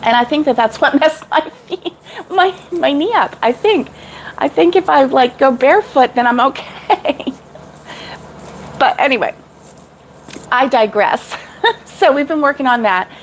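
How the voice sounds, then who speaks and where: A woman's voice: high-pitched, animated, measured pace, long pauses, slight background noise, rough recording. A middle-aged woman chatting casually with live viewers about crochet, rambling and laughing often. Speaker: crochet vlogger.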